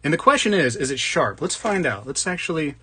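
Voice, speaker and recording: A man's voice: a little high, big pitch swings, fairly quick, bright, forceful tone, slightly rough. A man hosting a casual livestream, greeting viewers by name and joking along as he reads the chat. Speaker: livestream host. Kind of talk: casual live chat reading comments.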